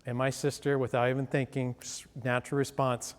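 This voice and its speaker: A man's voice: medium pitch, brisk, few pauses, clean tone. A man giving a sales presentation, telling a story to an audience, acting out the dialogue and asking the crowd questions. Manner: animated storyteller who acts out dialogue and asks the audience questions. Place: presentation hall. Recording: long hall reverb.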